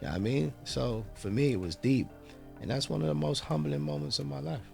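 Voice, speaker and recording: A man from London, a guest in an interview, telling a heartfelt story and rising to animated bursts when he stresses a point. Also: mid-range voice, brisk, creaky, soft background music. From London, England.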